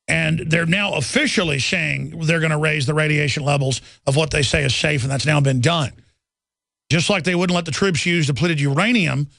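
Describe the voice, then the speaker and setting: Gravelly guy ranting on talk radio, high pitched, super dry mic. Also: a bit bright, no echo. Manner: rapid, intense ranting, mocking officials in sing-song voices. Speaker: radio talk show host.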